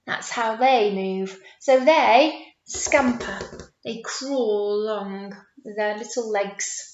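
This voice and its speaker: A woman teacher reads a picture book to young children at medium pitch and a slow pace, animated and encouraging. She draws words out and makes playful sound effects, and the recording sounds roomy, dull, and lo-fi.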